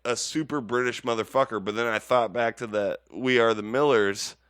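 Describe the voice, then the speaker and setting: A man's voice: mid-range voice, steady tone, normal speed, a bit bright, clean tone, no room sound, studio quality. A man in his forties chatting casually as a podcast co-host, rambling and swearing freely. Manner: rambling, heavy swearing, laughs easily. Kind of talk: casual chat.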